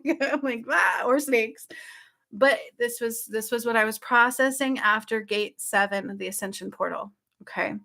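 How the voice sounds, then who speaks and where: A woman telling her viewers about a dream in casual, excited speech, often checking in with "okay?" and "like". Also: a little high. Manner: excited, breathless storytelling with frequent "like" and "okay?". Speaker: spiritual channel host.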